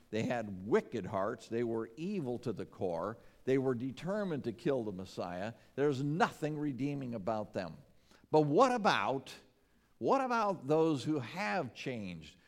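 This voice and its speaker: Male pastor, sermon delivery, lively and expressive pitch, earnest, reverberant sanctuary sound. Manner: earnest, emphatic preaching, rising for questions and dropping low to stress a point. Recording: long hall reverb.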